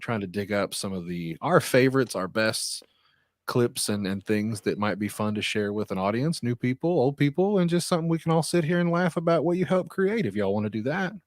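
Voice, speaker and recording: A man's voice: medium pitch, animated, fairly quick, no room sound, studio quality. Profane laid-back male podcast host. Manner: loose, profane, laughs easily. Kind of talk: casual podcast banter.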